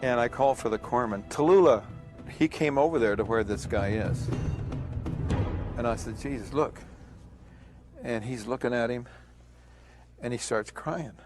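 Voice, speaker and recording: An older man telling a war story as an interviewee, acting out shouted calls as he recalls them. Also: medium pitch, normal speed, long pauses, music in the background. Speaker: veteran interviewee. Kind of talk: recounted war memory.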